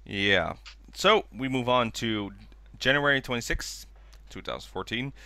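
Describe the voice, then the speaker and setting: Bright-voiced man recapping a documentary. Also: measured pace, dry recording. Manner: enthusiastic, acts out quotes in high voices. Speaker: podcast co-host. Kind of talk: casual chat recapping a documentary.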